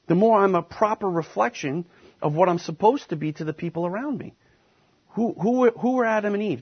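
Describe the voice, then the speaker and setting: A fairly high, husky male voice delivers a sermon, pressing his points and tossing questions out to the listeners. The recording sounds dull and lo-fi. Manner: preaching emphatically, asking the congregation questions. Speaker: pastor.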